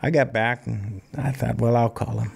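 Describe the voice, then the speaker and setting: A man in his fifties from Montana, a singer-songwriter telling plainspoken stories in a relaxed interview. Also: mid-range voice, normal speed, vocal fry, husky. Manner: relaxed, plainspoken anecdotal storyteller. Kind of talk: conversational storytelling interview.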